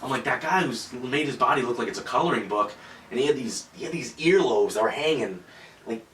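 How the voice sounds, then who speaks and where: A man's voice: mid-range voice, lively intonation, brisk, fairly bright tone, distant mic, slight background noise. A man hosting a casual podcast, telling a story with lots of swearing. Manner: profane storytelling. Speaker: podcast host. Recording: echoey room, off-mic.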